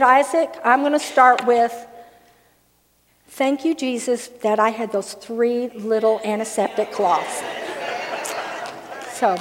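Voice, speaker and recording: An older woman preaching a sermon through a funny personal story, with lively laughs along the way. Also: on the high side. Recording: long hall reverb.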